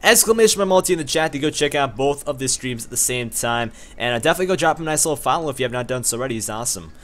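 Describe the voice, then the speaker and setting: Brief: male streamer, rapid casual chatter, friendly shout-outs, mid pitch. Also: expressive. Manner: fast, upbeat shout-outs to chat viewers. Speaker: streamer host. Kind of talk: casual live-stream chat.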